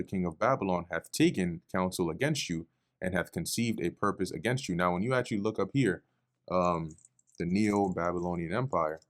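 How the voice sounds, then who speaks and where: A man teaching the Bible verse by verse, reading passages aloud and explaining them in a casual, conversational way with frequent fillers. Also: low-pitched. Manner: reads scripture then explains in casual asides, with fillers.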